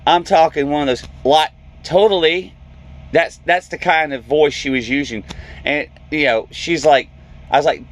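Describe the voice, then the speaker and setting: A man's voice: fairly high pitch, normal speed. A man, a truck driver, telling a story in a vlog and acting out the people in it. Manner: animated storyteller, acts out quoted voices.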